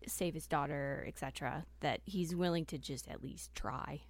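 A woman co-hosting a podcast, chatting casually and thinking aloud in a relaxed way. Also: deep voice, normal speed, vocal fry. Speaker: podcast co-host, moderator.

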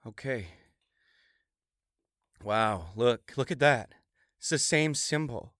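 A man playing a tabletop game in character, talking in a joking, rambling, deadpan way. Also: mid-range voice, slow pace, no room sound, studio quality. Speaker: player.

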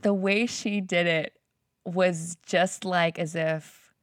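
A woman comedian, a guest, chatting casually and animatedly in an interview, laughing and tossing off quick asides. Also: on the low side, steady tone, no room sound, studio quality.

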